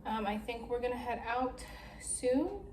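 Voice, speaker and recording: A woman's voice: on the high side, expressive, unhurried, background noise. Blunt, swearing pregnant young woman. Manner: blunt, swears, talks through tears. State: heavily pregnant, in labor pain. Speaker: vlogger. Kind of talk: casual video diary. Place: at home, then a hospital.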